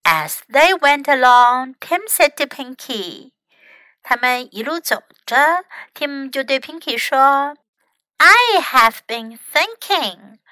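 Slow, bright-voiced woman teacher. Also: sits high, expressive, no echo. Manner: slow, clear, careful reading. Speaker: English teacher. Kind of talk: bilingual storybook reading.

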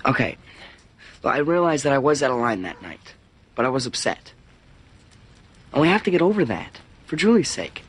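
Earnest pleading young man, lively pitch. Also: moderate pace, long pauses, husky. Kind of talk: TV drama acting.

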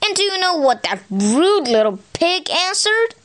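A woman reading a picture book aloud in an animated, expressive way, as a storyteller. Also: very high-pitched, unhurried.

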